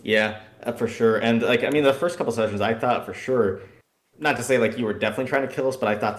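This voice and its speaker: A man talking casually on a podcast and retelling tabletop game scenes, jumping into little acted-out voices as he goes. His voice sits at a middling pitch. The recording has a noticeable roomy echo. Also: fast. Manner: animated storyteller acting out scenes. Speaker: guest player.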